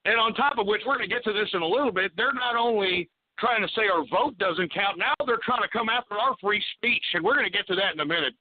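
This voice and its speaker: A man's voice: high-pitched, fast. A man hosting a radio talk show, ranting angrily and exasperatedly with lots of swearing. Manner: swears a lot. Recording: tinny phone-like radio audio.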